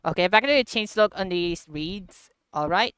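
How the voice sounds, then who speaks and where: A woman streaming a block-building game, talking through the update in slow, halting English with frequent laughter. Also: lowish voice, animated, a bit bright, clear, resonant tone, no room sound. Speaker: gaming livestreamer. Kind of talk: casual game commentary.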